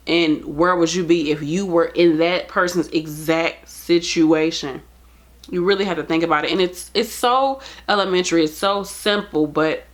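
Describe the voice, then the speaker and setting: A nurse talking straight to camera, earnest and pleading in plain casual speech. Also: female voice, fairly low pitch. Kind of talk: heartfelt direct-to-camera talk.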